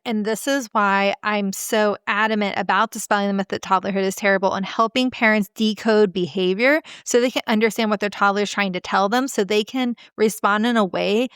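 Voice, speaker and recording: A woman parenting coach telling stories and giving advice in a podcast interview, earnest and animated, with frequent filler words. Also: medium pitch, brisk, few pauses, smooth, no room sound, clean studio sound.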